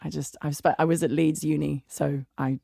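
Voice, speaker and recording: A woman in her thirties with a southern English accent, telling stories in a lively, chatty interview and laughing often. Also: low-pitched, normal speed, gravelly, dry recording, clean studio sound. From England. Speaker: guest songwriter. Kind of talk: casual interview chat.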